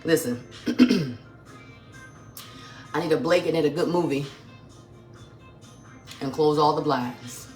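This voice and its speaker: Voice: mid-range voice, takes it slowly, long pauses, darkish tone. Hey y'all vibe, chatty vegan cooking host tasting on a live stream from the kitchen, echoey room. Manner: effusive, chatty, addresses viewers as y'all, talks with mouth full. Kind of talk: casual live-stream chat while tasting food. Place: home kitchen. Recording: echoey kitchen with faint music.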